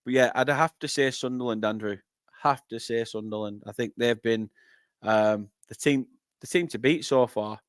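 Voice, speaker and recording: A young northern English man hosting a live football watchalong, chatting with viewers and breaking into excited play-by-play. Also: mid-range voice, moderate pace, smooth, no echo, clean studio sound. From northern England. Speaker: fan channel host.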